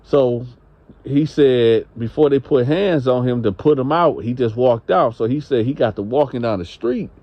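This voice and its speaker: A man's voice: mid-range voice, moderate pace, dry recording, highs cut off. A man telling a story in a casual, rambling, conversational way. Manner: rambling, conversational, unsure on details. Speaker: channel host.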